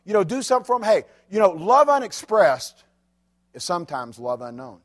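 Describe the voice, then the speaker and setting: Middle-aged preacher, high voice, animated delivery that dips quiet and then shouts. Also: male voice, a little fast. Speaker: pastor. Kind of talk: sermon.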